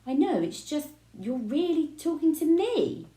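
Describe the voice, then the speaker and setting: A fed-up young boy blurts out indignant lines, as a woman reading a storybook voices him. The voice climbs and dips a lot and sounds soft and mellow, with the echo of a roomy space around it. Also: high-pitched, very animated, measured pace, pitched above the performer's own voice. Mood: awkward. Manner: loud, indignant outbursts. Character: angry fed-up twelve-year-old boy.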